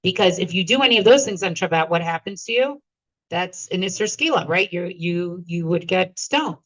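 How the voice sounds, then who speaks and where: A woman's voice: on the low side, lively intonation, moderate pace, no echo, low-quality recording. A woman giving a Talmud class, reading the text and translating it line by line, checking in with her listeners as she goes. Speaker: teacher.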